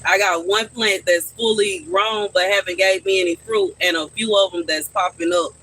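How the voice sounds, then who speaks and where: A man's voice: high voice, fairly even intonation, moderate pace, bright, forceful tone, low-quality recording. A man chatting casually on a live stream from his backyard garden, answering his viewers' questions.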